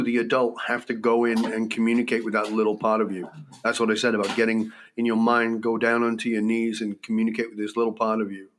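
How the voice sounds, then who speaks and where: A man's voice: medium pitch, a bit bright. Earnest man coaching on forgiveness. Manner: earnest, reflective, teaching tone. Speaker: guest, leadership coach. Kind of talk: interview, storytelling.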